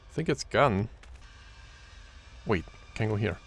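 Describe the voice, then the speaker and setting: A man giving casual let's-play commentary on a horror game, with a deep voice, swearing often and talking to himself as he plays. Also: expressive, slow, slight background noise. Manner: swearing, jumpy, talks to himself. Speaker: gaming YouTuber.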